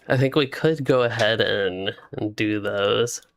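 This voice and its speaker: A gaming streamer with a lowish, gravelly voice talks at a measured pace while playing a co-op survival game, chatting casually and rambling between tasks. He's relaxed, laughs often, and sounds sleepy and yawns, like it's late at night. There's a little hiss or hum in the audio.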